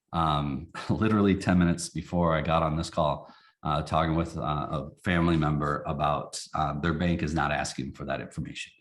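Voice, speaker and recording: A man who runs a company, presenting a casual training webinar in a folksy, animated way and acting out examples. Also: low voice.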